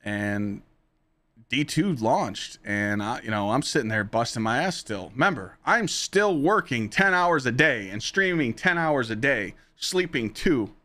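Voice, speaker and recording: A man in the middle range of pitch hosts his own podcast and tells stories straight to his live chat. He talks casually and with plenty of swearing. His voice jumps up sharply whenever he gets excited about a memory. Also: a little slow. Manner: animated, profane, jumps to high excited pitch when reliving moments. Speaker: podcast host and streamer.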